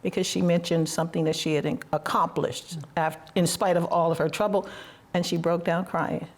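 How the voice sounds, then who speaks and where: This podcast host has a lowish voice with little pitch movement and speaks at normal speed. She tells reflective stories and draws out her guest with supportive, affirming questions in a warm, heartfelt interview.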